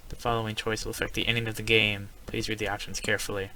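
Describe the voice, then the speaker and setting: A man's voice: on the low side, little pitch movement, fast, bright, forceful tone, a little hiss or hum. A man playing a text adventure game, reading the story aloud in a casual let's-play style and breaking into startled exclamations.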